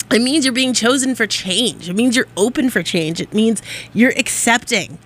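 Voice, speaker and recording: A woman's voice: medium pitch, a bit bright. Effusive rambling woman radio host. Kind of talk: casual on-air monologue. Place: radio studio.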